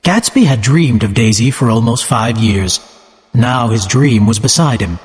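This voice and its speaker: Man reading slowly in a reverberant hall. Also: medium pitch, lively intonation. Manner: measured and plainly enunciated. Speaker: narrator. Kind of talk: slow, clear audiobook narration for English learners.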